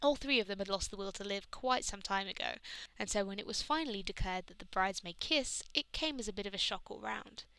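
A woman reading fan fiction aloud, lively and expressive. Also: medium pitch, a little fast, creaky, smooth, poor audio. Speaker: reader.

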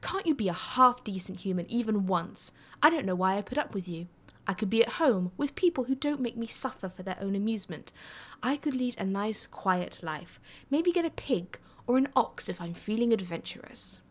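A woman's voice: on the low side, lively intonation, normal speed, few pauses. A woman voicing an exasperated, sarcastic young male servant in a read-aloud story, complaining in a raised voice.

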